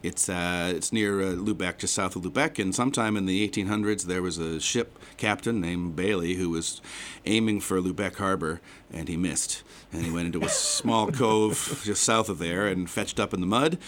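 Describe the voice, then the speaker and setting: Male musician guest from Maine, low voice, faint background hum. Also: moderate pace, fairly bright tone. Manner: friendly, laughs easily. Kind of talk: casual interview talk.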